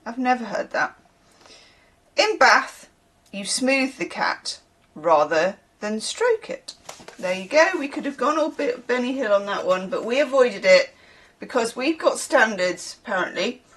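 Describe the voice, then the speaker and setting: A woman's voice: on the high side, expressive, measured pace, a bit bright. A woman from the UK, a tarot reader who chats in a rambling way, with laughing asides. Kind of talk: casual chatty reading.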